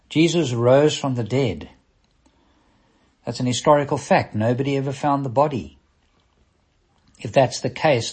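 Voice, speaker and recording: A middle-aged man preaching a sermon in a husky, slightly breathy voice. He speaks earnestly as a minister, lifting and dropping his emphasis as he drives each point home. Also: medium pitch, darkish tone.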